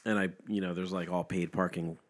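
A man's voice: low-pitched, brisk. A man co-hosting a podcast, telling stories in casual chat with a lot of swearing, often acting out the other people in them. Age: adult, parent. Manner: profane, animated storytelling with voiced impressions. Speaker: podcast co-host.

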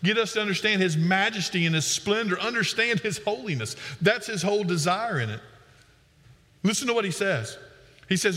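A man's voice: high-pitched, expressive, moderate pace, sharp tone, in a large hall. A man preaching a sermon as pastor, emphatic and repeating words for stress.

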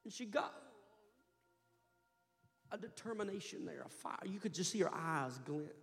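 Brief: male pastor, high voice, fervent storytelling sermon, reverberant church, music faint behind. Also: animated, normal speed, vocal fry. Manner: impassioned storytelling preacher, building to loud fervor. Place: church sanctuary.

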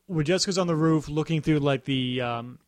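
A man's voice: on the high side, fairly quick, dry recording. A man co-hosting a podcast, chatting casually about a show, rambling and often restarting his sentences. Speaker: podcast co-host. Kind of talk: casual chat.

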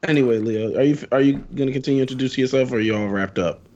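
Relaxed man co-host, mid-range voice, lo-fi muffled recording. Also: medium pitch, rapid-fire, slight background noise. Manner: relaxed, laughing, easygoing. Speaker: podcast co-host. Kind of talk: casual chat.

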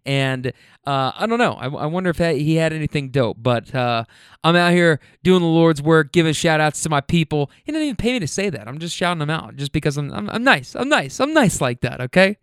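A man's voice: fairly high pitch, fairly quick, clear, resonant tone, no room sound, studio quality. A rideshare driver hosting his own show, telling funny stories from his rides in a loose, laughing way with lots of restarts. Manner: laughing, animated, stumbling restarts. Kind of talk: casual storytelling. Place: Louisville.

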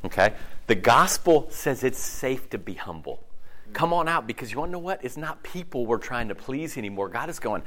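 A man preaching a sermon in an animated, conversational way, acting out voices as he talks. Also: mid-range voice, normal speed. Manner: animated, acts out quoted voices, swings loud and quiet.

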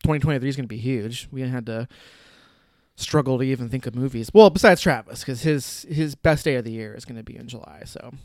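A man in relaxed podcast banter, joking and laughing as he talks. His voice sits at a middle pitch and comes through a dry, close mic with no room sound. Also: fast talker, dry recording. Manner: laid-back, joking, laughs often. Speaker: podcast host. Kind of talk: casual chat.

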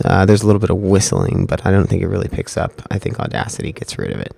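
Brief: low-voiced man, casual, halting chat with fillers, home mic. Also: sing-song, vocal fry, slightly rough, soft background music. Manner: quiet, halting, many fillers. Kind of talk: casual talk before a recording.

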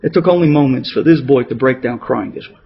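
A man, a rabbi, delivering a sermon as an emotional story, with a dramatic delivery that swings between loud peaks and hushed moments. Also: medium pitch, brisk, vocal fry, breathy edge. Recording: dull lo-fi radio recording.

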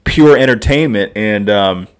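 Laughing, animated man telling stories. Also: fairly low pitch, measured pace, clear, resonant tone. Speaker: podcast guest. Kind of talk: casual storytelling.

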